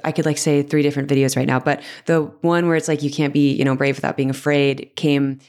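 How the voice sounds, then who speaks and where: A woman's voice: sits low, flat delivery, fast, a little mellow. A woman in her thirties, a podcast guest, chatting casually and rambling with self-deprecating asides and restarts. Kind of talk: casual interview chat.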